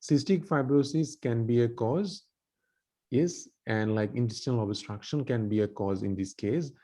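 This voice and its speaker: Man tutoring doctors, mellow voice. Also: medium pitch, moderate pace. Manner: explains with many repeats and restarts. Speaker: medical exam tutor. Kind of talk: online teaching feedback.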